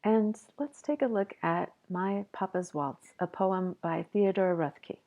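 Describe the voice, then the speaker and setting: A middle-aged woman professor giving a measured, explanatory poetry lecture and reading a poem aloud. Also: medium pitch, mellow, highs cut off. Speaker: college professor.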